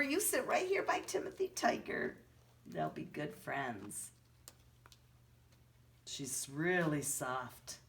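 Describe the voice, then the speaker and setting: A woman preschool teacher speaks slowly with a lively, bouncing pitch and a bright, clear tone. She stretches out letter sounds for small children in a gentle sing-song. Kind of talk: virtual preschool lesson to young children.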